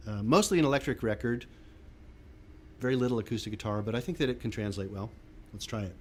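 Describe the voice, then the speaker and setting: A man, a musician, introducing his next song in a soft-spoken, offhand way. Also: medium pitch, quick pace.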